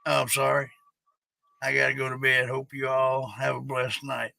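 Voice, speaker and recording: A man's voice: medium pitch, level tone, gravelly, bright, forceful tone, no room sound. A man hosting a casual live stream, rambling and swearing freely as he chats with viewers. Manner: rambling, profane, drawn-out.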